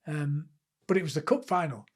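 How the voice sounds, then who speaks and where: An older man talks in an easy, meandering storytelling way. His voice sits a bit high for a man of his years. He is a guest reminiscing in an interview. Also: moderate pace. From England (Blackpool). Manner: chatty storyteller, easy and rambling. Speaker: guest author.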